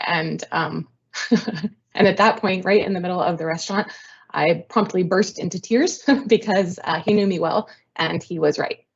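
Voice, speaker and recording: A woman's voice: lowish voice, moderate pace, gravelly, slightly rough. A woman in her thirties, a guest on an interview show, telling her career story in a chatty, self-deprecating way with many ums. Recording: slightly dull lo-fi audio.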